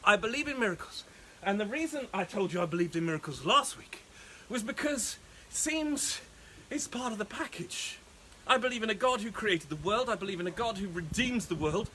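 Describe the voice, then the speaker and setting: Man, pastor, playful storytelling sermon, high bright voice. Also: brisk, slight background noise. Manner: animated, playful, laughing often. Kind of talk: lively Bible storytelling sermon.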